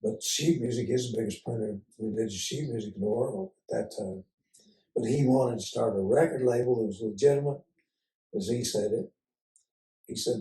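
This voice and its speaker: An older man from Oklahoma, telling folksy stories as an interview guest and pausing often on "uh". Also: medium pitch, warm tone. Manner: folksy, unhurried storyteller with frequent "uh" pauses. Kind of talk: casual storytelling interview. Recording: roomy sound from a distance.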